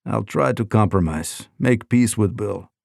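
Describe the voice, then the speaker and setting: A male narrator puts on an injured young Russian man in an audiobook, apologizing in a Russian accent. The voice sits low and moves slowly. The recording is dry and close. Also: vocal fry, darkish tone, no room sound. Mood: apologetic.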